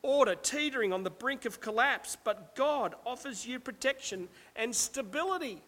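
Man, high voice, pastor, emphatic sermon, rhetorical asides, long hall echo. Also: lively intonation, normal speed, sharp tone.

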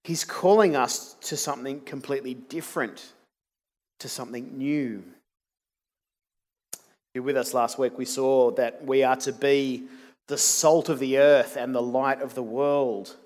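A man's voice: medium pitch, steady tone, a little slow, darkish tone. A man preaching a sermon, earnest and emphatic, asking the congregation rhetorical questions.

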